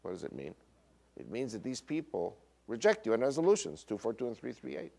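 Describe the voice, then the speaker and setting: An American man with a Northern US accent telling a personal story in a lecture, quoting others and often pausing on fillers. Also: medium pitch, gravelly. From United States. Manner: animated retelling with quoted voices, frequent uh fillers. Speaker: speaker.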